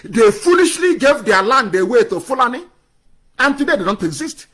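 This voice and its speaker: Fiery Nigerian man, high-pitched. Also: sing-song, normal speed, fairly bright tone. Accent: Nigerian English. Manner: fiery, scornful, repeats phrases for emphasis. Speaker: political activist addressing followers. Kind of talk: impassioned political broadcast.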